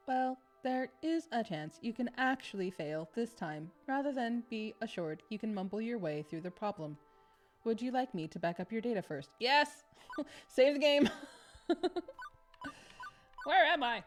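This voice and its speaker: A woman's voice: fairly high pitch, animated, normal speed, a little mellow, soft background music. A woman streamer playing a story game live, reading the text aloud and reacting with gasps and laughter.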